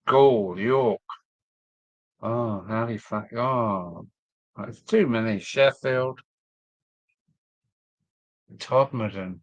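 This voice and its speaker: A man's voice: mid-range voice, extremely slow, long pauses, dry recording, lo-fi sound. A man from Kent with a southern English accent, chatting casually on a hobby live stream and musing aloud, trailing off with lots of ums. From Kent, England. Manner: rambling, musing aloud with many fillers. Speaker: model railway live stream host. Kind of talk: casual chat reading viewer comments.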